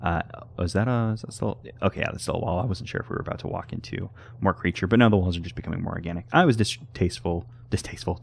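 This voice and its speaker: A man's voice: low voice, creaky. A man giving casual, rambling commentary on a horror game, often correcting himself with a wry tone. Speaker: let's play host.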